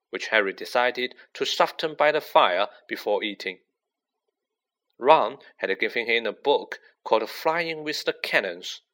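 Man, storybook narration, lively intonation, bright clear tone. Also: medium pitch. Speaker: audiobook reader. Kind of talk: storybook narration read aloud.

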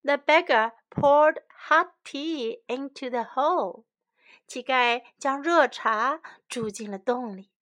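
A woman reading a children's story bilingually, line by line, in a clear and gentle way. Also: high-pitched, slow.

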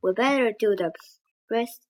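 A woman voicing an eager, bold young girl in a read-aloud storybook, slightly raised and lively. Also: a little high, a little slow, lightly acted, rough recording.

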